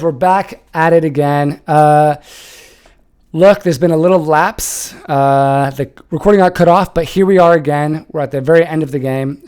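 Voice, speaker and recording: A young man shoutcasting a strategy game he played in, casual and animated, swearing and laughing. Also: fairly high pitch, clean tone.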